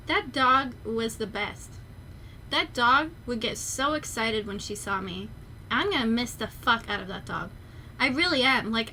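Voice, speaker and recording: A young adult woman streamer chatting casually and rambling in an animated way. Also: a little high, slight background noise. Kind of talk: casual chat on a livestream.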